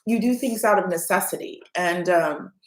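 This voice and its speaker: A woman's voice: fairly low pitch, moderate pace. A middle-aged woman hosts a casual live chat, talking freely and reading out viewer comments as she goes. She swears casually and keeps a loose, conversational flow. Her voice carries some echo from the room. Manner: chatty, reads viewer comments aloud, curses casually. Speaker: podcast host. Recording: echoey room.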